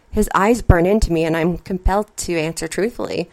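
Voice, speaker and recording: A woman's voice: lowish voice, brisk. Woman narrating a first-person story.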